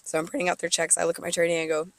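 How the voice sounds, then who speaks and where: A woman co-hosting a casual podcast, who works as a restaurant server, tells an animated work story, swearing a lot and acting out her coworkers' lines. Her voice is on the low side and rapid-fire, against a noisy background.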